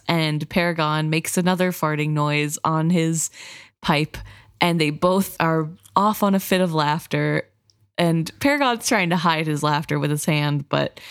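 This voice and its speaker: Lower-voiced woman chatting about a book. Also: steady tone, a little slow, smooth, dry recording, studio quality. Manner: empathetic, chatty. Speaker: podcast co-host. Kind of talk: casual book discussion.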